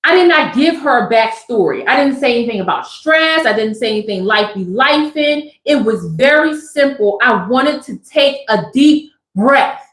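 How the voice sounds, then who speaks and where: Upbeat woman tarot reader, high voice, emphatic, echoey room, livestream chat. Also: lively intonation, a bit bright. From Southern California. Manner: emphatic, repeats "tap in" and "y'all"; slows way down for emphasis. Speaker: tarot reader and spiritual speaker. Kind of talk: casual livestream talk with tarot.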